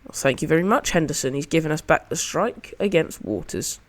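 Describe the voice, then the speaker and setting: A man's voice: fairly high pitch, lively intonation, brisk. A man giving casual, chatty commentary over his own gameplay as a channel host, narrating each shot as he plays it.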